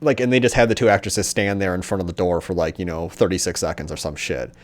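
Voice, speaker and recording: A man's voice: sits low, steady tone, quick pace. A young man reviewing a movie in a casual, profane rant, rambling with lots of fillers and sarcasm.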